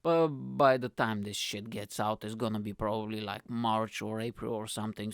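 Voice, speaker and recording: Male comedian, solo podcast, gravelly voice, dry close sound, rambling, sweary, jumpy pitch. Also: fairly even intonation, moderate pace, few pauses, no room sound. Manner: loud, rambling and heavily profane, with sudden jumps in pitch. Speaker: podcast host and stand-up comedian.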